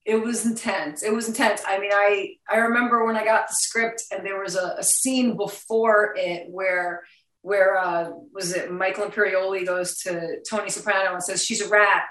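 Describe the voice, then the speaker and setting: A woman in her fifties with a New York accent, a guest talking in a casual interview, blunt, profane and quick to laugh. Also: mid-range voice, steady tone, a bit bright. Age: 50s. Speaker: actress guest. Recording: roomy sound, distant from the mic.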